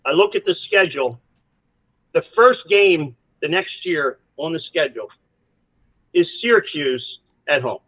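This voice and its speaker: Speaking at a measured pace with long pauses, a man with a fairly high voice tells meandering, animated stories and keeps drifting into asides. He is a college soccer coach guesting on a podcast; the audio has no room sound but a tinny, phone-like quality.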